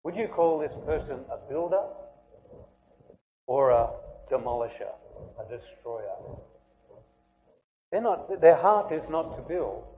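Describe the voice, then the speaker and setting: A man preaching a conversational sermon who keeps asking his listeners questions. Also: a little high. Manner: conversational, asks the congregation questions. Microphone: writes on a board while preaching. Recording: tinny phone-like band, faint noise.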